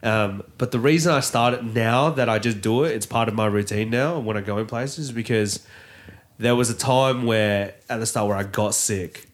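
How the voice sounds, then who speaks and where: A man's voice: on the low side, normal speed. Co-host, man, stuffy nose, easygoing slangy chatter. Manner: laid-back, slangy, animated storytelling. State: congested, nasal. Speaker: podcast co-host. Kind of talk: casual chat.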